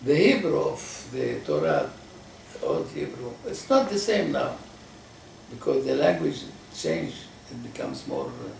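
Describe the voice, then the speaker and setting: An older man from Lebanon with a Lebanese accent, answering interview questions in a halting, emphatic way, often restarting his words. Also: medium pitch, wildly swooping pitch, vocal fry, darkish tone, reverberant, distant mic, slight background noise, rough recording. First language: Lebanese Arabic. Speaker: political party founder.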